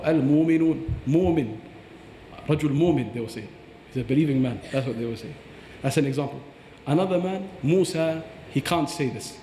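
Fast-talking religious teacher, roomy echo. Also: male voice, fairly high pitch, warm tone, a little hiss or hum. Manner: earnest, demonstrates pronunciations aloud. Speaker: Quran teacher and reciter.

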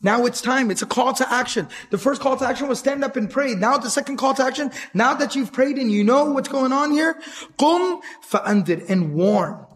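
A man teaching an educational lecture series on the life of the Prophet, earnest and emphatic, repeating his key points and reciting Arabic verses quickly. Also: extremely high pitch, fairly bright tone. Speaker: Islamic teacher.

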